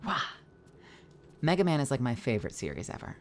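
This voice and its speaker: There's a little hiss or hum as a woman streamer and voice actor with an extremely low-pitched voice talks at a moderate pace. Sleepy and yawning, she chats casually and playfully with viewers, animated and greeting them.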